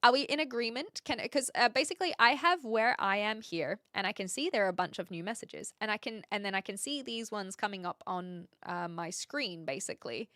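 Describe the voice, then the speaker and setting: A woman's voice: mid-range voice, fairly quick, hardly any pauses, fairly bright tone, no echo, studio quality. A woman live streamer chatting casually with her viewers, thinking aloud and laughing often. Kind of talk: casual live-stream chat, reading chat messages.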